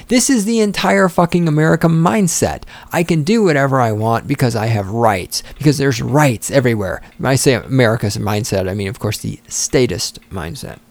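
A man's voice: mid-range voice, dry recording. A man delivering heated, sarcastic, profane commentary as a political commentator. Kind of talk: ranting commentary.

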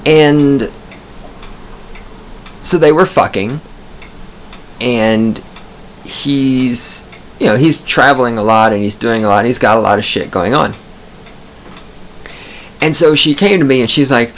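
Speaking slowly and pausing often in a mid-range voice, a man hosts a podcast from a studio booth. His storytelling is a profane, digressive, self-amused comic ramble, with slight background noise.

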